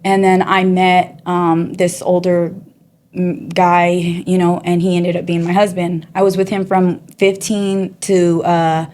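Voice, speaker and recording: A woman's voice: lowish voice, flat delivery, unhurried, darkish tone, a little hiss or hum. A woman guest telling her life story in casual, streetwise speech, acting out the people in it. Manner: chatty and streetwise, often says "you know" and "girl". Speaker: guest sharing her testimony.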